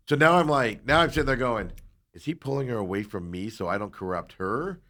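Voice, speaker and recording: A man on a talk show, casually telling a long story and animatedly acting out the people in it, sometimes dropping into quiet asides. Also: fairly low pitch, lively intonation, brisk. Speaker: co-host.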